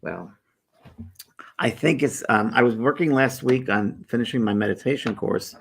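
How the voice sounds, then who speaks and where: A middle-aged man hosting a spiritual livestream, chatting casually and greeting viewers in a relaxed, rambling way. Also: mid-range voice, moderate pace, vocal fry, husky. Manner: relaxed and rambling, with many fillers and restarts. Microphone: phone or webcam held by the speaker.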